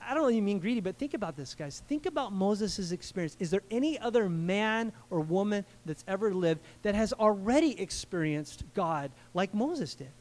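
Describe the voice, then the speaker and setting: A man preaching a sermon in an animated, conversational way, with frequent asides to the congregation. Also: sits high, moderate pace, few pauses. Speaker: pastor.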